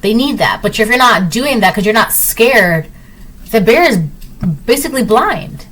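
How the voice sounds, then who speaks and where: A woman's voice: on the high side, animated, normal speed, a bit bright, a little hiss or hum, poor audio. Chatty woman giving a tarot reading. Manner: repetitive, often checks in with "right?"; acts out little voices in her examples. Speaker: tarot reader. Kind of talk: casual spoken tarot reading.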